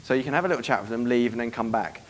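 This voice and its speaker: A man giving a seminar to a live room, brisk and profane, acting out club scenes as he goes. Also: medium pitch, a little hiss or hum. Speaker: dating coach giving a seminar. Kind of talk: live seminar talk to an audience.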